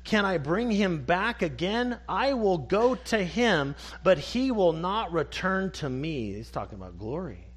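A male preacher delivering a sermon, his voice sitting a little higher than most men's. He is emphatic and poses rhetorical questions, then answers them in hushed, single words. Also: big pitch swings, unhurried, hardly any pauses, slightly rough. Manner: emphatic, rhetorical questions, dropping to soft one-word answers.

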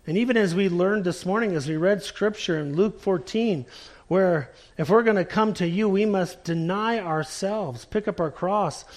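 A male pastor preaching a sermon, emphatic, dropping to quiet low lines for emphasis before a communion prayer. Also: moderate pace.

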